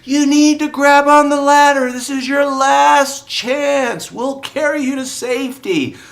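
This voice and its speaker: A man voicing a male helicopter rescuer who shouts urgent orders in a story. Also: very high voice, measured pace, vocal fry, pitched above the performer's own voice, full character voice.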